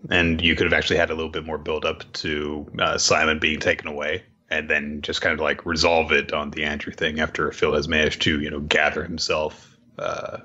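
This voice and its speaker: A man's voice: extremely low pitch, monotone, brisk, few pauses, bright, forceful tone, dull audio. A man co-hosting a casual podcast, giving his opinions thoughtfully with hedging fillers. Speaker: podcast co-host.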